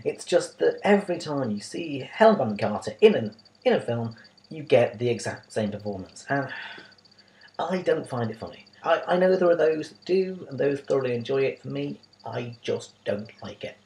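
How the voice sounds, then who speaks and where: A man's voice: mid-range voice, darkish tone, low-quality recording. A man giving a casual, opinionated spoken film review, often asking exasperated rhetorical questions.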